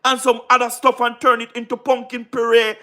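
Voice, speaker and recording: A Jamaican man with a very high, bright voice, chatting on a casual livestream. He talks emphatically, repeats his points and keeps checking that you understand. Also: monotone, brisk, soft background music. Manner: repetitive, emphatic, keeps asking "you understand what I mean?". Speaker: livestream host.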